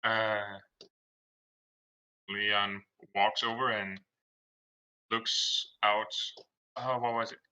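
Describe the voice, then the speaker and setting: A man describing his character's actions in a tabletop game, chatty and rambling with lots of fillers. His voice is very bright and sharp. The audio is dull and lo-fi. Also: lowish voice, level tone, very slow, pauses often, clear, resonant tone. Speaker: player. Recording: dull lo-fi recording.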